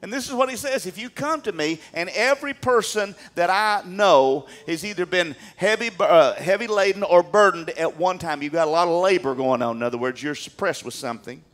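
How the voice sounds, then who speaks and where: A man preaching a sermon in church, animated, swinging from loud emphatic peaks down to quiet asides. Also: high-pitched, brisk, few pauses. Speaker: pastor.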